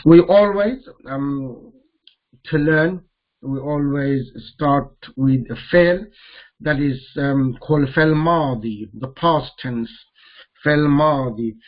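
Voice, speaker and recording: A man teaching a grammar lesson, repeating each Arabic term slowly as he mixes it into English explanations. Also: a little high, dull audio.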